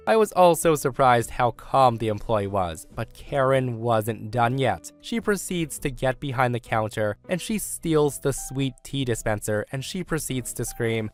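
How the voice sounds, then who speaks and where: A man's voice: medium pitch, faint music behind. Chatty man narrating online stories. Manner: lively, chatty, quick asides to the listener. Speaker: story narrator.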